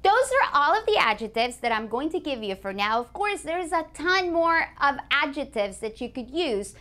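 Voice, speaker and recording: A woman teaching a beginners' language lesson, a native Spanish speaker who says example phrases slowly and clearly and praises the learner. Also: high voice, big pitch swings, fairly bright tone, soft background music. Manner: clear, slow modeling of example phrases, encouraging.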